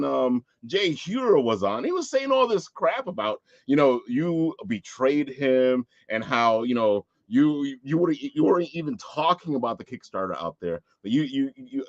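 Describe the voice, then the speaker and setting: A man's voice: medium pitch, sing-song, moderate pace, few pauses, no room sound. Playful male talk show host. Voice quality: playful, stammering, laughs often. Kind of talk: casual chat. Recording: dull, dry lo-fi sound.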